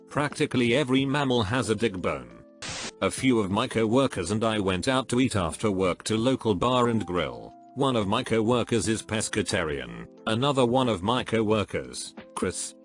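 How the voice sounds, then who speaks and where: A man narrating online posts in a steady, scripted reading. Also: on the low side.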